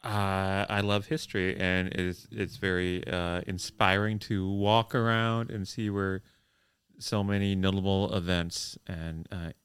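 A man co-hosting a casual movie commentary podcast, joking playfully and acting out scenes in a deadpan way. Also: low voice, measured pace, smooth. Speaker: podcast co-host.

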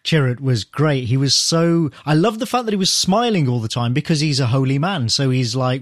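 Lively, laughing man podcaster. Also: a little high, normal speed, hardly any pauses, dry recording, studio quality. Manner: enthusiastic, laughs often. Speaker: podcast host. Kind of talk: casual podcast chat.

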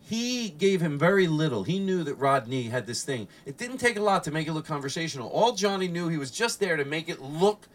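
A man's voice: fairly high pitch, expressive, fairly quick, few pauses, distant mic. A man hosting a podcast, telling rambling profane stories in casual chat and acting out the people he quotes. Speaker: podcast host, comedian.

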